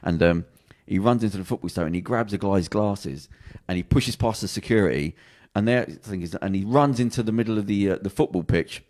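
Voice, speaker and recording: A man co-hosting a casual podcast, spinning out a TV plot in a rambling, animated way and throwing in voices for the characters. His voice sits low, and he talks at a quick clip that keeps tumbling forward. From England. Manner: rambling, animated storytelling with acted quotes and restarts. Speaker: podcast co-host. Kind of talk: casual chat, retelling a TV plot.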